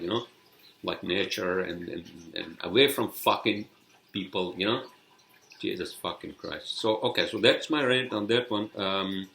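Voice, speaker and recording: A man's voice: fairly low pitch, fairly bright tone, echoey room. A man hosting a solo podcast, ranting angrily with heavy swearing and rambling restarts. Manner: angry, profane, rambling. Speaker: podcast host.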